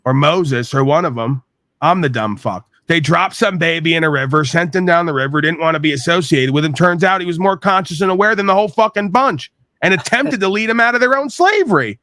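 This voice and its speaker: A New York-raised man hosts a podcast and rants crudely and at length, venting without a filter. His voice sits fairly high for a man. The sound is dry, with no room echo. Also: a little fast. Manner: crude, rambling, animated venting. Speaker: podcast host. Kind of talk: profane ranting monologue.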